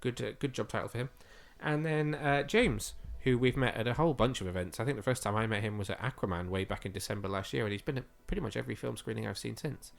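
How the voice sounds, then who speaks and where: A man's voice: mid-range voice, fast talker, gravelly, hardly any pauses. A man co-hosting a podcast, chatting eagerly with lots of fillers, his voice slightly going. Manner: chatty and enthusiastic, with frequent fillers. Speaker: podcast co-host. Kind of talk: casual podcast chat.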